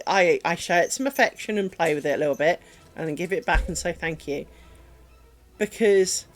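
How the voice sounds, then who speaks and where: A woman streaming while she crafts at home, chatting in a rambling way and dropping to a soft, low voice when she talks to her dogs. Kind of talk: casual chat while crafting.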